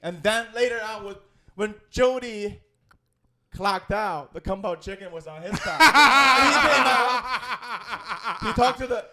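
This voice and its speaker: A man's voice: high-pitched, measured pace. A young man from China, a comedian telling a story in casual, profane talk with many restarts. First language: Chinese. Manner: animated, profane, frequent restarts. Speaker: comedian guest.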